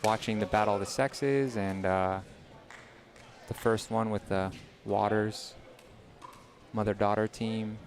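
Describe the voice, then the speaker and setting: A man with a lowish voice chats in a relaxed way beside the main commentators. Music is clearly heard behind him. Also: slow pace, long pauses. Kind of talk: casual commentary chat.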